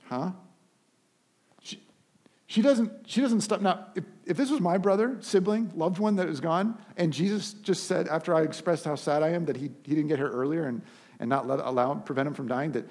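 A man preaching a sermon as a pastor, telling a story with animated energy and frequent restarts. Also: a little high, moderate pace, husky.

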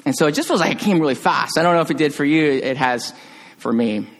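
A man preaching a conversational sermon as pastor, joking with the congregation and dropping to a hush on solemn phrases. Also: a little high, fast. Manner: conversational, jokey, with restarts and sudden quiet hushed drops.

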